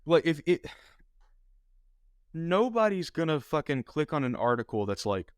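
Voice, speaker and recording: A man's voice: on the high side, unhurried, pauses often, clean tone, no room sound. Young guy cohosting a podcast, swears a lot, voice jumps all over, dry sound. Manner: animated, profane, acts out quotes. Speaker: podcast co-host. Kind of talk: casual chat.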